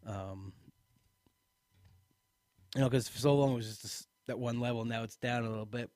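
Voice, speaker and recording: A man's voice: mid-range voice, normal speed, a little mellow, no echo, clean studio sound. Tired, rambling man hosting a podcast. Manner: chatty, self-deprecating, rambling with restarts. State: tired, yawning. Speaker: podcast host. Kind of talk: casual live podcast chat.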